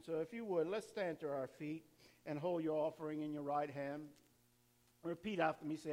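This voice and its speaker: A man, a pastor giving church announcements and leading the offering in a casual, chatty way, with quick laughs and restarts. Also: on the high side, steady tone, darkish tone. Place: church sanctuary.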